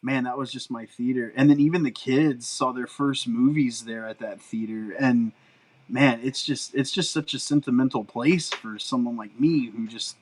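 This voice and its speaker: Man, middle-aged, podcast co-host, casual chat, animated, laughs a lot. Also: medium pitch, moderate pace, poor audio. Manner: animated storyteller, laughs often, voice jumps up when excited.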